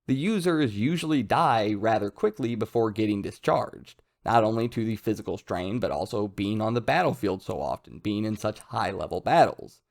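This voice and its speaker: A man's voice: lowish voice, gravelly. A young man talking casually and enthusiastically as he reviews a manga chapter. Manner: enthusiastic, conversational, loud jumps when excited.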